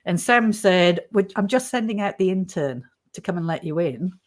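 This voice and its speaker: A woman's voice: fairly low pitch, animated, normal speed. A woman hosting a paranormal channel's livestream, chatting casually, often laughing and telling stories with animation.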